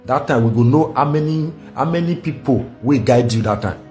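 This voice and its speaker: A man's voice: medium pitch, a little fast, darkish tone, soft background music. A Nigerian man speaking in Nigerian Pidgin, delivering a defiant, scolding political rant with many repeated phrases. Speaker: protester.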